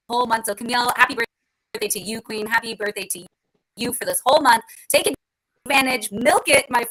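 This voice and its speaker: A woman's voice: a little high, pushed and bright, slightly rough, poor audio. A woman hosting a casual panel talk, upbeat and encouraging, her voice coming through a garbled, robotic-sounding mic. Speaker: host.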